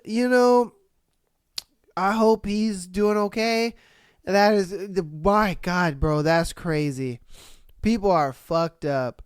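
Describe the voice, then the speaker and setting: A young adult podcast host reading listener stories aloud and reacting with profane, loud disbelief. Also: mid-range voice, slow, smooth, dry recording, studio quality. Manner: profane, loudly incredulous reactions.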